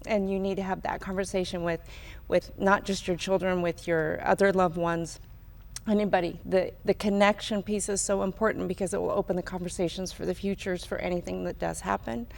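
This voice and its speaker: Earnest middle-aged mother, halting speech. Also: on the low side, flat delivery, creaky. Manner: earnest, halting with many ums. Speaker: guest, mother of a survivor. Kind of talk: live town hall interview.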